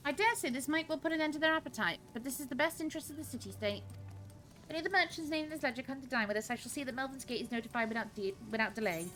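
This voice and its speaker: A woman's voice: high-pitched, very fast, a bit bright, faint music behind, voice pushed up, poor audio. A woman voicing a polite, fussy restaurant manager who speaks in a formal, genteel way, reading game dialogue aloud.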